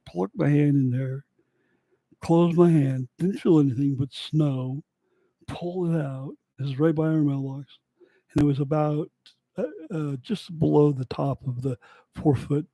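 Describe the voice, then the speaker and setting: Casual storyteller: a man with a deep, dark gravelly tone, rambling and digressive in a dry, close sound. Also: dry recording. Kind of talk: casual personal storytelling monologue.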